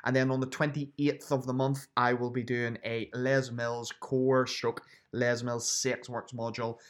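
Unhurried and mid-range, with little pitch movement, a man hosts his own podcast and previews what's coming up. As a fitness instructor and host, he pitches the events in a chatty, promotional style, leaning on dates and locations.

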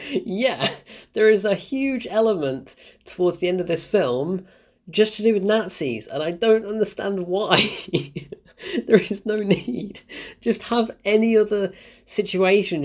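A man's voice: high-pitched, creaky. A young man talks through a film review in his own casual show. He laughs often and breaks into exasperated, incredulous asides, his voice climbing when something baffles him.

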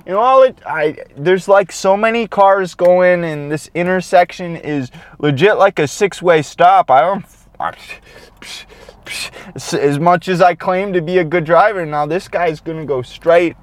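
A man's voice: fairly high pitch, measured pace, clean tone, no room sound. A man in a car chatting casually to his viewers, rambling and swearing, often breaking off mid-sentence. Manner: rambling, profane, self-interrupting. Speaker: vlogger. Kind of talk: casual driving vlog chat. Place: in a car on city streets.

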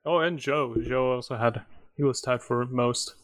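A man's voice: mid-range voice, normal speed, no echo, studio quality. Laid-back man co-hosting a podcast. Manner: laid-back, laughs easily, short agreeing replies. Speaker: podcast co-host. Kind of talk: casual chat.

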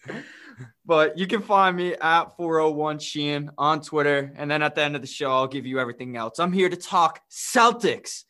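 A man's voice: fairly high pitch, moderate pace, sharp tone. A man co-hosting a casual sports podcast, upbeat and joking. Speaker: podcast co-host.

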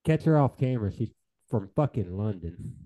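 A man's voice: fairly low pitch, moderate pace, narrow, tinny audio. A man co-hosting a podcast, talking bluntly and swearing freely. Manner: blunt, profane, lively. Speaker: podcast co-host. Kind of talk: casual chat.

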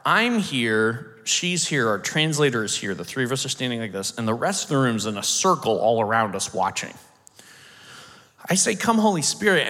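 Animated male preacher in a reverberant hall. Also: medium pitch. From United States. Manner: animated storyteller with quick laughs and acted-out quotes. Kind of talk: sermon storytelling.

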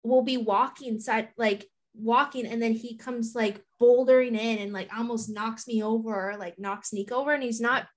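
A woman's voice: on the high side, fairly even intonation, normal speed, hardly any pauses. A woman co-hosting a podcast, chatting casually and rambling with lots of "like". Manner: rambling, heavy use of "like". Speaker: podcast co-host. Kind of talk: casual chat.

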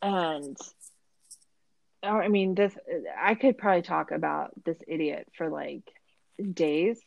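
A woman's voice: deep voice, steady tone, takes it slowly, creaky, darkish tone, no room sound, rough recording. A woman hosting a podcast, recapping a show in a sarcastic, rambling casual chat with lots of filler words. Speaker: podcast host.

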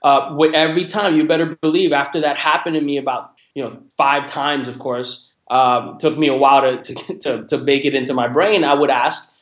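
A man sharing stories from his sales career in an animated, conversational way, acting out customers as he goes. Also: a little high, moderate pace, few pauses. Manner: animated, acts out quoted customers in raised voice. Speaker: guest sharing sales experience. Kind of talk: conversational storytelling. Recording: roomy echo.

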